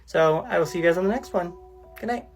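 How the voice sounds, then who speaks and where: A woman host reads a creepy first-person account in a calm, measured way, then casually signs off. Her voice is on the low side, with faint music playing beneath. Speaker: channel host and narrator. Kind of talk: reading a story then signing off.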